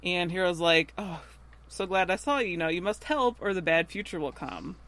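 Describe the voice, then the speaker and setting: Podcast lady with a bright punchy voice, chatty recap, does the characters' lines, laughs a lot. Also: fairly low pitch, normal speed. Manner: animated retelling with acted-out quotes and frequent laughs. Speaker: podcast co-host. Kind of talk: casual TV episode recap.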